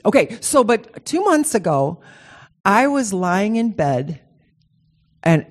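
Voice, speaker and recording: Woman, rambling personal story, lively pitch swings, emotional, casual. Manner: animated, emotional, rambling with restarts. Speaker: speaker sharing a personal story.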